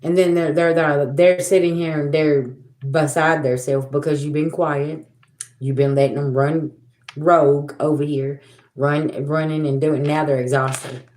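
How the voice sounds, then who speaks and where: A woman's voice: sits low, steady tone, unhurried, a little mellow, echoey room. A woman giving a livestream spiritual reading, talking bluntly and profanely, repeating herself as she scolds. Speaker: tarot reader.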